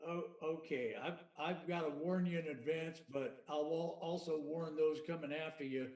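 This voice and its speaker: Male podcast co-host, high voice, rambling and stammery, echoey room, distant mic. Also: steady tone, moderate pace, darkish tone. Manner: rambling, musing, stammering repeats. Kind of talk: casual chat.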